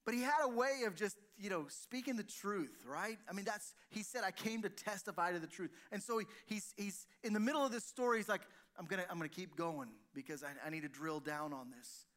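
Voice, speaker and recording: Male pastor preaching, bright and high-pitched, talking straight to his congregation. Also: fairly quick, hardly any pauses. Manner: preaching, rhetorical questions to the congregation. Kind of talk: sermon. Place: church service, streamed to listeners at home.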